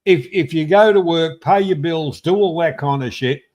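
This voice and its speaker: Aussie man, 60s, slightly high voice, rambling host who swears. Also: normal speed, a little mellow. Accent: Australian. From Australia. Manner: rambling, swears, many restarts. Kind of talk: casual chat. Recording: livestream video call.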